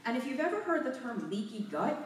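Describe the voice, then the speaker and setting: A nervous, out-of-breath woman giving an animated talk to a live audience in a hotel meeting room, using a handheld mic. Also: high voice, a little fast, slight background noise. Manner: animated, laughing, a bit nervous. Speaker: guest speaker. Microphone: handheld mic, recorded from far off. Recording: echoey room from far off.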